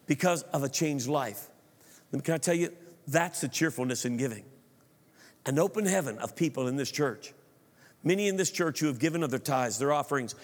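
A pastor delivers a sermon with earnest, preacherly emphasis, often repeating words as he tells a story. His voice sits a little high for a man. The sound carries a long reverb from a large church sanctuary. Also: husky.

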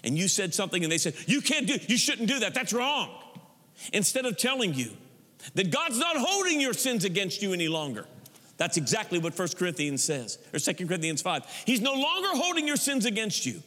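A man preaching a sermon as pastor, animated, now and then mocking stiff churchy prayer voices. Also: high-pitched, a little fast, long reverb tail.

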